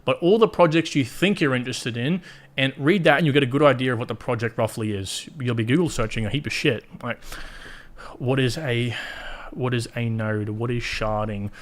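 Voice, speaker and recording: Speaking at normal speed in a medium-pitched voice, this Australian-accented man hosts a crypto live stream. His commentary is casual, chatty and blunt, aimed directly at viewers and heavy on profanity.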